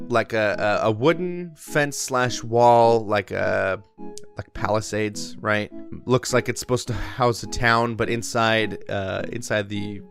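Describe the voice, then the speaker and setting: A man's voice: on the low side, fairly bright tone. A man narrating as game master in a tabletop game, rambling with many fillers, over faint music.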